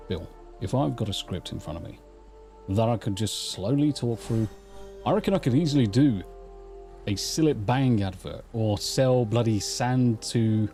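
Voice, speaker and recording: A man's voice: mid-range voice, dark tone. An English man streaming live gameplay, chatting casually in a rambling, sweary way into a desk mic through a mixer.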